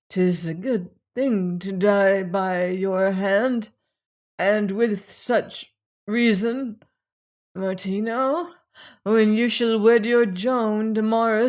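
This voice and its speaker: A man voicing a dying young woman in an audiobook, speaking in faint, breathy, pleading murmurs. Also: sits high, heavily acted. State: dying, weak. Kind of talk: audiobook character reading.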